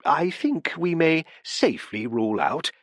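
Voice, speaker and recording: A man voicing a stout, genial elderly male detective who questions people in a musing, deliberate way, in an audiobook. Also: a little high, big pitch swings, dry recording, studio quality, voice pushed up. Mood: pondering. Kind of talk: audiobook character voice.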